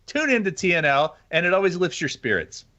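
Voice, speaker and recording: A man's voice: high voice, big pitch swings, fairly quick, bright, forceful tone, lo-fi sound. A man co-hosting a live stream, bantering casually with playful quips. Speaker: guest co-host.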